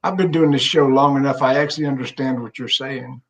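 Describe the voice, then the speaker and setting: A man from the American South co-hosts the chat. His manner is friendly and lightly teasing as he talks in a relaxed, conversational way. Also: medium pitch, brisk. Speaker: co-host. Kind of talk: casual chat.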